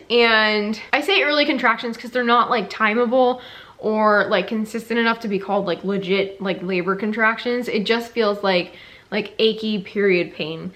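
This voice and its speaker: A woman's voice: medium pitch, fairly bright tone. Young woman, pregnant, casual vlog, chatty, rambling, filler-heavy. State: heavily pregnant. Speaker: vlogger, stay-at-home mom.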